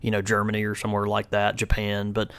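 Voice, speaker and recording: A man's voice: fairly low pitch, monotone, fast talker, fairly bright tone, clear, resonant tone, dry recording. A man co-hosting a podcast in easygoing, casual chat who laughs often and uses many fillers. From United States. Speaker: podcast co-host.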